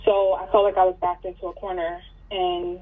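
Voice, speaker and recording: A woman's voice: on the low side, little pitch movement, fairly quick. A woman calling in for advice, telling her story casually with fillers and restarts. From New York. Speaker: caller seeking advice. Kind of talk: casual phone conversation. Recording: tinny phone line, distant.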